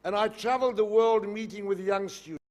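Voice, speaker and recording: An older man with a South African accent, giving a public lecture and telling anecdotes with lively storytelling. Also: high-pitched, brisk. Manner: storytelling, animated in jokes. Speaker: guest speaker. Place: lecture hall podium.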